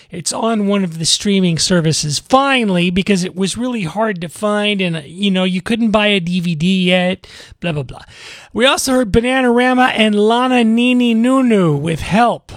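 A man's voice: high-pitched, no room sound, studio quality. A man hosting a community radio music show, chatting casually and rambling between songs. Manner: rambling, self-correcting, chatty.

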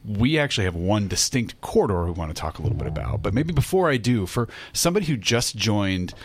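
A man's voice: on the low side, sing-song, fast talker, slight background noise. A man, a city manager co-hosting a local radio show, talking casually and rambling with self-corrections in a studio.

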